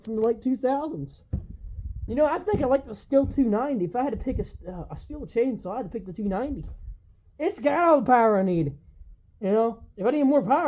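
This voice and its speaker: Brash man ranting, dark mellow voice. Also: extremely high pitch, a little hiss or hum, low-quality recording. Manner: brash, rambling, profane trash talk. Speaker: chainsaw collector vlogger. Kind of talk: casual vlog rant.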